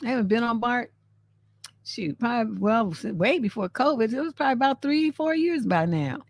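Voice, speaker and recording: A woman from San Francisco hosting a live stream, giving casual, animated commentary on memes and often acting out the lines she quotes. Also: fairly high pitch, brisk, gravelly, dry recording. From San Francisco, USA.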